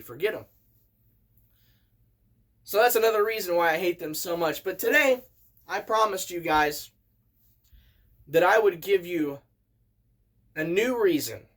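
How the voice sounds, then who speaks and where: A man in his thirties, a vlogger telling a story in an excitable, animated way as a casual rant. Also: high voice. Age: 30s.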